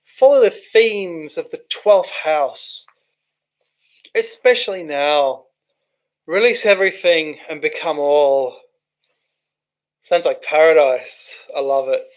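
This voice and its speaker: Chatty man, slightly high voice. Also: slow, pauses often. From Australia. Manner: chatty, rambling, thinks aloud with restarts. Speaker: livestream host reading chat. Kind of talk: casual live chat.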